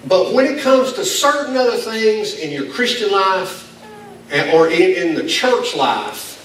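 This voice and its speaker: Here a male preacher's fairly bright, higher-pitched voice carries a folksy sermon full of self-mockery and occasional chuckles, delivered conversationally. Faint noise and a reverberant hall come through the distant microphone at this church meeting held in a school.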